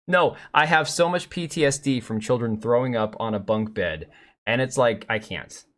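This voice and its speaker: A man's voice: medium pitch, moderate pace, fairly bright tone. A middle-aged man hosting a live stream, rambling bluntly with profanity as he reads and answers chat.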